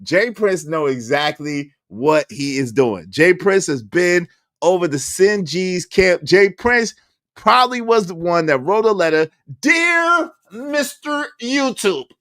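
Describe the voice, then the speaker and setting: A man in riffs on a stream, teasing and animated. His voice swoops widely in pitch while he keeps an unhurried pace. The sound is close and dry. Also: no echo. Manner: animated, mocking, bursts into song and laughter. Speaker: commentary streamer. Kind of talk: casual reaction commentary.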